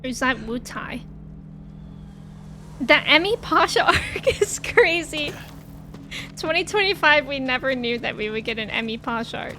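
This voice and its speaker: A woman's voice: high-pitched, animated, unhurried, long pauses, sharp tone, soft background music. A woman streamer chatting casually with her chat while she plays, giggly and talkative.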